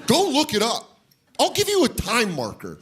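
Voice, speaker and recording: A middle-aged man doing a stand-up comedy routine, loud and animated, breaking into shouted put-on voices. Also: extremely high pitch, moderate pace. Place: comedy club stage before a laughing audience. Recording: live club recording with crowd noise.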